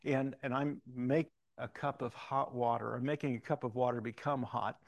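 A middle-aged man preaching a sermon, telling personal stories and moving between loud emphatic questions and quiet reflective moments. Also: medium pitch, fairly even intonation, moderate pace, vocal fry. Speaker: pastor.

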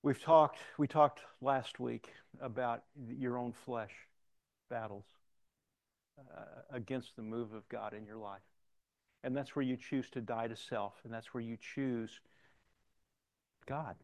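A man's voice: mid-range voice, fairly even intonation, slow, long pauses, no room sound. Older man preaching a casual sermon, dry sound. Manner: conversational storytelling preacher, quotes scripture references.

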